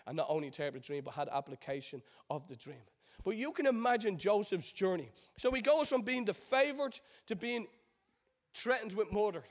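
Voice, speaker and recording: A man preaching a sermon as pastor, building his points with rhetorical questions and repetition, and acting out the voices of the people in his story. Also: high-pitched. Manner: acts out quoted voices of biblical figures.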